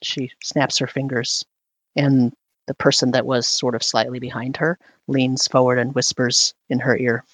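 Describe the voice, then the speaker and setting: Measured tabletop game master. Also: medium pitch, flat delivery, no echo.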